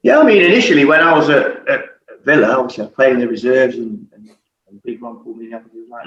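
Talking fast in a medium-pitched voice, a middle-aged former footballer shares anecdotes in a casual chat. He's animated, swears frequently and keeps laughing. Audio quality is dull and distant, with echo and faint background noise.

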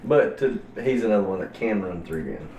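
A man in casual podcast chat, often breaking into laughter as he tells animated stories. He sits some way off from the mic, and his voice rings around an echoey room. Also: lowish voice, brisk, far from the mic, a little hiss or hum.

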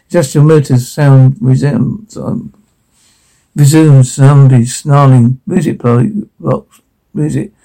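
Gravelly, dark-toned man reading captions. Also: fairly high pitch, poor audio.

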